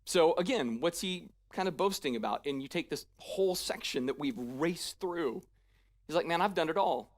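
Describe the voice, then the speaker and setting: A pastor delivers a sermon in a relaxed, chatty way, voice at a mid pitch. Paraphrased lines get a lively, casual acting-out, and the talk keeps checking in with the congregation. It sounds like it was recorded during a church service. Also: moderate pace. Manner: conversational, often checking in with "right?".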